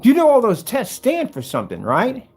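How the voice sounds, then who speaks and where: Brief: husky man, lively pitch, fiery product demo indoors, faint music behind. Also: moderate pace. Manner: combative, animated, talks straight to critics. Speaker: seller demonstrating projector screen paint. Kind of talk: product demonstration rant.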